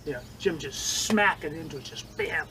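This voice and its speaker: An older man telling vivid stories in an interview, acting out quoted lines and swinging between loud and hushed. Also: fairly high pitch, normal speed, background noise. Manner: animated storyteller, acts out quotes, swings loud and soft. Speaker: interviewee, former judo training partner. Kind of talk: storytelling interview.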